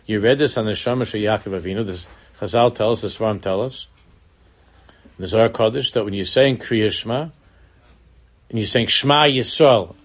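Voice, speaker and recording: Earnest man teaching Torah. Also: mid-range voice. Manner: earnest, repeats words, mixes Hebrew terms into English, rises in emphasis. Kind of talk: Torah lecture.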